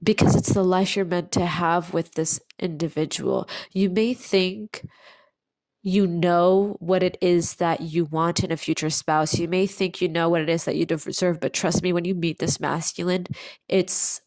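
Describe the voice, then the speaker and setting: Woman medium, low gravelly voice, unhurried, soothing repetition, close dry mic. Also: fairly even intonation, a little mellow, no room sound, low-quality recording. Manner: slow, soothing, repeats phrases for emphasis. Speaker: medium giving a tarot reading. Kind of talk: channeled pick-a-card reading to camera.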